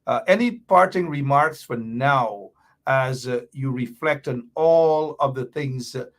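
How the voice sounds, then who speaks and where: A man's voice: mid-range voice, a little slow. Emphatic man hosting a political talk show. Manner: animated, emphatic, rhetorical commentary.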